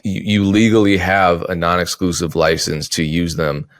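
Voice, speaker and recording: Low-voiced man talking through an argument. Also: normal speed, no echo. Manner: thoughtful, self-correcting, animated when making points. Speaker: podcast host, music producer. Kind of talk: casual opinion talk.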